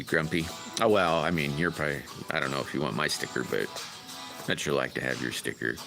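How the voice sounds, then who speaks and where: A man's voice: rumbling low, brisk, gravelly, bright, forceful tone, faint music behind. A man casually chatting with viewers on his livestream, rambling and greeting people by name. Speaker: livestream host.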